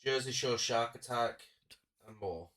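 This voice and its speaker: A man's voice: medium pitch, measured pace, a bit bright, recorded from a distance. A man co-hosting a horror film podcast, chatting casually and enthusiastically while reviewing a movie. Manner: enthusiastic, lists cast credits. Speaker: podcast co-host.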